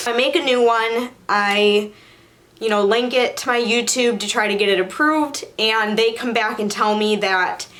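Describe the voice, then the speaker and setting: A young woman talks straight to her viewers in a vlog, her voice thick from crying. She sounds frustrated and upset, circling back and repeating herself. Her voice sits at an ordinary middle pitch. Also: a bit bright. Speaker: YouTuber. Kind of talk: emotional vlog to camera.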